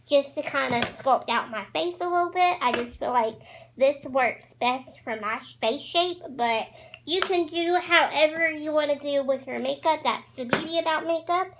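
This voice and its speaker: A bubbly woman talks through her makeup routine in a chatty, gushing way. Her voice sits high and bright, and she sounds thrilled by every product she tries. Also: noisy background. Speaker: beauty vlogger. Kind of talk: casual makeup tutorial chat.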